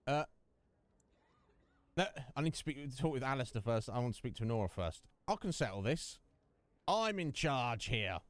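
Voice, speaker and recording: A man's voice: mid-range voice, lively intonation, moderate pace, long pauses, no room sound. A man hosting a casual game livestream, chatting and joking with viewers in a rambling way. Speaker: streamer and host. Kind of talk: casual livestream chat over gameplay.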